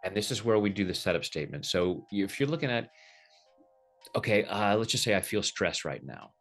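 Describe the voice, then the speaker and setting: A low-pitched man teaches a simple tapping routine in an easygoing, humorous way. He drops into playful quoted voices now and then. Faint music sits behind him. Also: brisk. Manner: relaxed, jokey, acts out little quoted voices. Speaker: tapping practitioner, guest. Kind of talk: casual teaching over video call.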